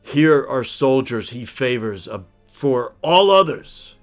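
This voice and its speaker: A man voicing a huge male troll chieftain who rallies his clans in a loud, slow, commanding voice with old-fashioned phrasing. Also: expressive, faint music behind. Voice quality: booming, bellowing. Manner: slow, commanding archaic speech.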